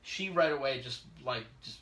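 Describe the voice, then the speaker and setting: Man, bright voice, animated storytelling, echoey room, away from the mic. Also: mid-range voice, normal speed, far from the mic. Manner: animated, acts out quoted voices. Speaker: podcast host. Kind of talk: casual storytelling chat.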